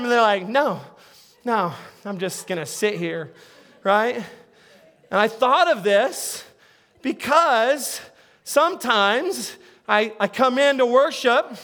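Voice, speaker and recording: Male pastor, sermon; very high voice, playful, talks straight to the congregation. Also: pushed and bright. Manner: playful, chatty, keeps checking in with the audience; repeats words and restarts often.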